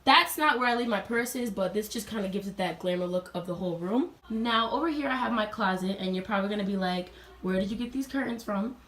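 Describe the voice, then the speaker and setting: A young adult college student talks fast, with few pauses and a fairly bright, medium-pitched voice. She gives a chatty, upbeat dorm room tour, speaking right to her viewers in a casual vlog.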